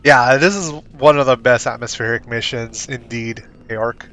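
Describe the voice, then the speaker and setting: A man streaming a game, chatting casually, reacting excitedly and reading game text aloud. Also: mid-range voice, moderate pace. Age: adult, not young. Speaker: gaming streamer. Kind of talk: casual let's-play commentary.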